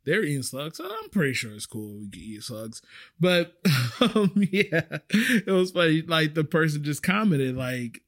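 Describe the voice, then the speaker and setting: Guy podcaster rambling thru a story, kinda high voice, lots of "like", swears a bit. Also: moderate pace. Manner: animated, chatty, swears, frequent filler "like". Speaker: podcast host. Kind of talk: casual storytelling.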